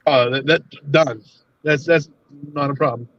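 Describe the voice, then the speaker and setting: A man's voice: on the high side, steady tone, unhurried, fairly bright tone, dry recording, dull audio. A man calling into a stream to buy a snake, joking in playful banter. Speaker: caller buying a snake.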